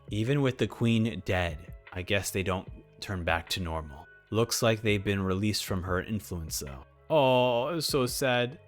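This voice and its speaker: A man hosting a reaction video, reading a manga aloud with excitable casual commentary. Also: lowish voice, measured pace, hardly any pauses, faint music behind. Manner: excitable, reads dialogue aloud, frequent laughs.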